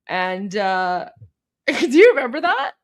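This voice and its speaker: A woman's voice: mid-range voice, sing-song, slow. A young woman from Iran hosting a livestream, chatting casually with many fillers and restarts. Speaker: livestream host.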